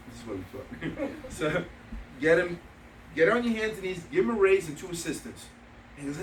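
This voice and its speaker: A man's voice: high-pitched, big pitch swings, quick pace, slight background noise. A man giving a motivational seminar talk to trainees, emphatic and repetitive, telling stories with quoted dialogue. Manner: emphatic, repeats key points. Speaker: speaker training insurance agents. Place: meeting room with live audience. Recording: echoey room, mic from a distance.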